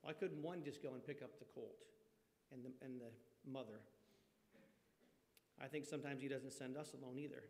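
A man's voice: mid-range voice, a little mellow. Folksy preacher man in a reverberant church. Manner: folksy, asks the congregation questions. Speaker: pastor. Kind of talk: conversational sermon. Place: church sanctuary. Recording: long reverb of a church hall.

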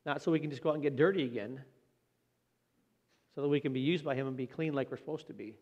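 A man preaching a Sunday sermon in an earnest, plain-spoken way, slowing down for emphasis. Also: mid-range voice, phone-quality sound. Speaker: pastor. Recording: long hall reverb.

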